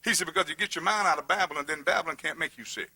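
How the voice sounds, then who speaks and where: A middle-aged pastor preaching a sermon, building from quiet reading to shouted, humorous emphasis. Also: male voice, a little high, very fast, gravelly, breathy edge.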